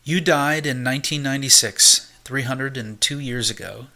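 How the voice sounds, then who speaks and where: A man reading the part of a polite, formal old English gentleman with an English accent in an amateur audiobook. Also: mid-range voice, normal speed. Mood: reassuring. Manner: pleasant, formal, courteous.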